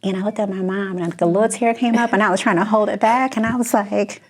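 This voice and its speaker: Chicago-accented woman, talk guest, heartfelt storyteller with a gravelly edge. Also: mid-range voice, fast. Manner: expressive storyteller, laughs and tears up. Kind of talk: emotional personal story.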